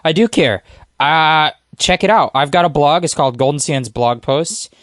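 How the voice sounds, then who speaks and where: A man's voice: on the high side, moderate pace, a bit bright, dry recording, studio quality. A man guesting on a podcast, chatting in an easygoing, rambling, self-deprecating way. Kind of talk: casual podcast chat.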